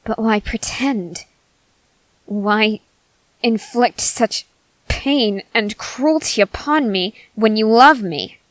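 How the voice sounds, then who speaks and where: A woman voicing an arrogant, unhinged young male cult leader in a whispered role-play, slow and intense, swinging between whispers and sharp outbursts. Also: on the high side, no echo, rough recording. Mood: bitter. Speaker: ASMR voice actor.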